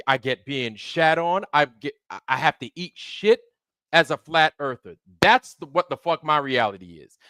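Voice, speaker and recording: Heated man, livestream host, swearing tirade, dry close mic, lively pitch. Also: dry recording. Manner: heated, profane, repetitive. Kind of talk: angry livestream rant.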